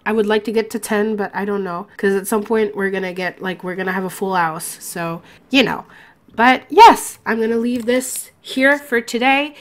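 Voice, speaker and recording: A woman's voice: medium pitch, moderate pace, hardly any pauses. Congested woman doing casual game commentary. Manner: chatty, exasperated, swears and laughs often. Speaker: let's play host.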